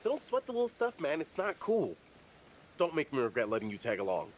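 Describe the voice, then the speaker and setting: A man's voice: a little high, huge pitch swings, brisk, a little hiss or hum. An actor playing a young male medical student who is snappy and a little boastful, in a game. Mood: teasing.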